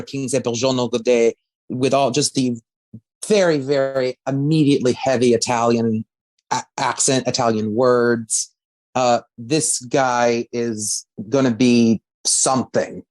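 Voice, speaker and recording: A man with an ordinary mid-range voice co-hosting a podcast. He chats casually and thinks out loud, restarting his sentences as his enthusiasm runs ahead. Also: medium pitch, fairly even intonation, unhurried. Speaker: podcast co-host. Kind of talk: casual chat about a musical.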